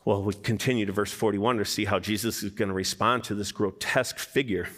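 A man preaching a sermon as pastor, animated, acting out quotes in different voices. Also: on the low side, fairly quick, big-room sound.

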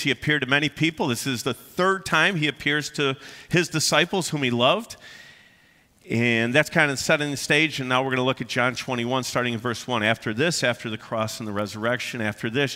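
A man preaching a sermon in a bright, forceful voice, his delivery emphatic yet conversational and sprinkled with "uh" fillers. His voice rings out with the long reverb of a big church hall. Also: medium pitch. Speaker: pastor.

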